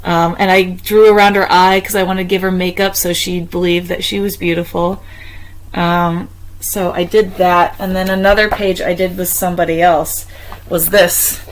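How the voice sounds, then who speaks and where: A woman's voice: moderate pace, low-quality recording. A young woman casually recounting a personal experience to camera, chatty, with frequent ums and restarts. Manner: chatty, many ums and restarts, bursts into high excited quoting. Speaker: vlogger.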